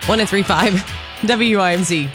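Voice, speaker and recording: A woman hosting a radio show, pushing a ticket giveaway with excited, pushy banter into a studio mic. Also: mid-range voice, moderate pace, music in the background. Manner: excited, pushy promo delivery. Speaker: radio host.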